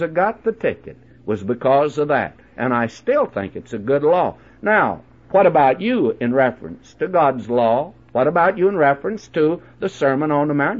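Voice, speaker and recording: A man preaching on the radio, telling a personal story in a chatty way, with many halting restarts. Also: a little high. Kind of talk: folksy sermon with personal anecdote. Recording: dull lo-fi old radio recording.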